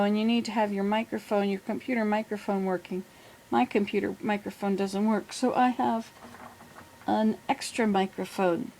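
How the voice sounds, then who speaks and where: A woman's voice: medium pitch, darkish tone, low-quality recording. Rambling older woman, chatty home update. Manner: rambling, friendly, self-correcting. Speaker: vlogger. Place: home in the southern US. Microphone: plug-in computer microphone.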